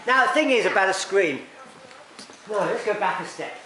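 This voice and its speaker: Playful man, high voice, echoey room. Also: animated, moderate pace. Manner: playful, acts out scenes with silly voices and sound effects. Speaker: children's workshop presenter. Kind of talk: lively talk to a young audience. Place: room with a live audience. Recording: echoey room from far off, noisy.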